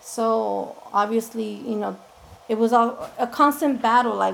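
A woman's voice: fairly high pitch, a little slow, creaky, a bit bright, a little hiss or hum, low-quality recording. A woman, an interview guest, candidly telling her own story and often quoting what people said. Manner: candid, frank, often quotes people in conversation. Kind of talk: personal storytelling.

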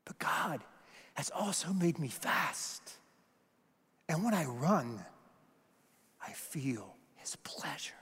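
A man doing a hushed, reverent Scottish runner. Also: on the high side, very animated, takes it slowly, pauses often, breathy edge, long reverb tail, heavily acted. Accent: put-on Scottish. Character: calm devout young Scottish runner.

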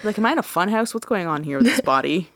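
A young woman co-hosting a casual podcast, reacting quickly and cracking jokes. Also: fairly low pitch, lively intonation, fairly bright tone, no room sound, studio quality. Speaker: podcast co-host.

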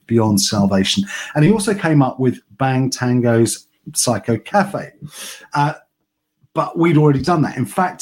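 Male podcast host, relaxed joking chat, mid pitch. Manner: chatty, joking, swears casually.

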